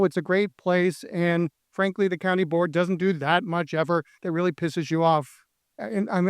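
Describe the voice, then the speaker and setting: Measured academic man, smooth voice. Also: fairly high pitch, no echo, clean studio sound. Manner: measured, explanatory. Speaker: academic pollster panelist. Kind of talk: panel discussion. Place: conference stage.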